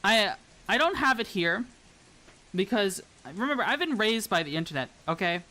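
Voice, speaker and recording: Bright-voiced chatty woman streamer. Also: medium pitch, animated, normal speed. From American South. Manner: rambling, chatty, talks to viewers. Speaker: VTuber streamer. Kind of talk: casual chat while building a model kit.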